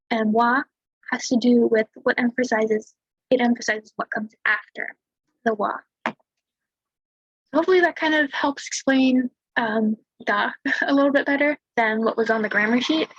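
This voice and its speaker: A woman tutoring a language lesson over a screen share in a relaxed, chatty way, talking through examples. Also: a little high, husky, dry recording, highs cut off. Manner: relaxed, chatty explaining with fillers and small laughs.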